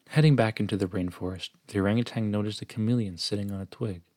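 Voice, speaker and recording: A man reading a children's picture book aloud in gentle, even storybook narration. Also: fairly low pitch, fast, hardly any pauses, no echo, studio quality.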